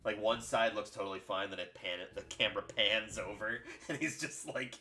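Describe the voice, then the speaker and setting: Low-voiced man running a tabletop game. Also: normal speed, sharp tone. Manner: casual, laughing, rambling with fillers. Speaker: game master.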